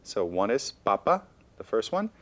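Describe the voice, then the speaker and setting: Lively encouraging male Spanish teacher. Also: lowish voice, normal speed. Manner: lively, encouraging, checks in with frequent okays. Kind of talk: bilingual televised language lesson.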